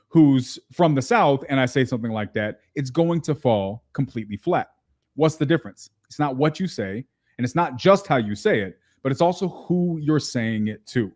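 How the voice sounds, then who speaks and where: A man's voice: medium pitch, darkish tone. A man who is a guest on a podcast, explaining his ideas step by step in a conversational way. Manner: explains step by step, acts out quoted voices. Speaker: podcast guest, real estate investor. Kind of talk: casual interview chat.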